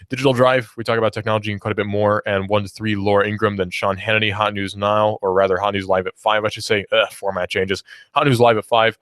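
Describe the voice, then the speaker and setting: A man's voice: on the low side, fairly bright tone, no echo, studio quality. A young man from Georgia hosting a radio talk show, chatting casually about the station lineup and reading news with self-deprecating asides. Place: radio studio. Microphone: studio microphone.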